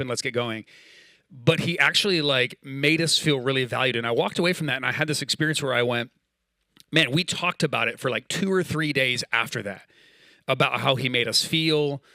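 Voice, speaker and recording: A man in his thirties gives a relaxed, conversational sermon with a bright, forceful tone. He tells stories and slips into quoted dialogue. The sound is dry and close. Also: mid-range voice, dry recording. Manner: casual, storytelling, acts out quoted dialogue. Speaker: pastor. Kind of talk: sermon with personal story.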